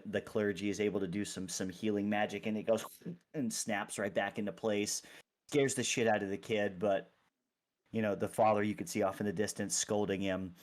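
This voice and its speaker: A man narrating as game master of a tabletop game, talking hesitantly with many restarts and easy laughter. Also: lowish voice.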